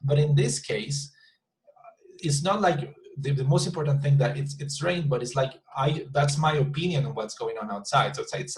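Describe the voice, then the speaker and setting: A man teaching an online English class, patiently repeating words and slowly modelling sample sentences. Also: medium pitch, expressive, low-quality recording.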